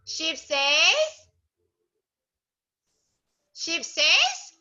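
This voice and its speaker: Woman, English tutor for young kids; high, lively pitch, drawn-out delivery, coaxing repetition. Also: highs cut off. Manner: slow, repetitive, coaxing questions; imitates animal sounds. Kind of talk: online English lesson for a child.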